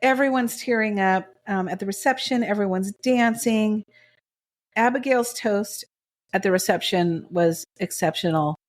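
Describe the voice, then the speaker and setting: A woman's voice: mid-range voice, a little slow. A woman co-hosting a podcast, recapping a TV drama in casual chat with gushing, emotional enthusiasm. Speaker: podcast co-host.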